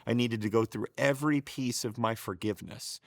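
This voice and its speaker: A man's voice: medium pitch, fairly quick, gravelly, dry recording, clean studio sound. A middle-aged man telling his personal faith testimony in an earnest, emotional way, often getting choked up and restarting his sentences. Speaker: show co-host sharing his testimony.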